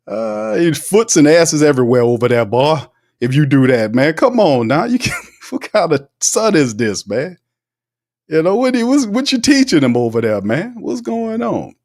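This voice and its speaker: A man hosting a casual live sports talk show, reading out viewer comments in an animated, slangy way and laughing often. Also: a little high, measured pace.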